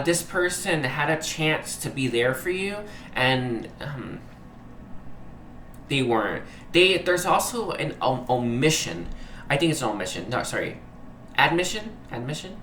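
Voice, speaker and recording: A male tarot reader gives an earnest, emotionally moved reading in a bright, forward, mid-range voice. He hesitates often, searching for words and apologizing, and the recording is roomy and echoey with faint hiss beneath.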